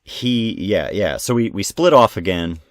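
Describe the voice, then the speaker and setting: A man's voice: on the low side, a little slow, dry recording, studio quality. A man co-hosting a podcast, retelling a live-action role-play event in casual chat, acting out quoted lines with lots of restarts. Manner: animated retelling with quoted dialogue, many restarts. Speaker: podcast co-host.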